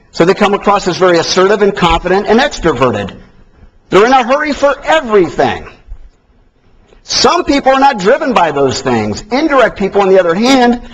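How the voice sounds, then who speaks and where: A man with a fairly high, husky voice leads a seminar class in a classroom. His delivery is animated and joking, shifting from emphatic to soft. The recording sounds dull and lo-fi. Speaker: sales trainer. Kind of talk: live seminar lecture to a class. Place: classroom with a live audience.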